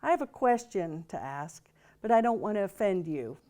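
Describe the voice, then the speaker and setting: A woman's voice: mid-range voice, sing-song, moderate pace, dark tone, natural voice. A nervous, earnest male cab driver who talks in a hesitant, apologetic way , as a woman telling a joke puts him on. The voice stays close to her own.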